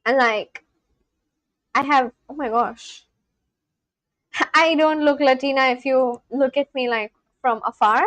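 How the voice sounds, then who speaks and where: A woman livestreaming in a casual chat, gushing excitedly and talking straight to her viewers. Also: high voice, takes it slowly, pauses often, no room sound.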